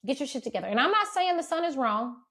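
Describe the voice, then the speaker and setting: Animated woman chatting with lots of laughter. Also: sits high, fast talker. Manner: animated, laughs often, swears casually. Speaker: podcast co-host. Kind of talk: casual chat.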